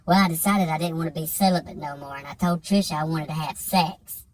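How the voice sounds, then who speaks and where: A comedian voicing a shaken male coworker who speaks in a hushed, strained way. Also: on the high side, a little fast, close to an everyday voice.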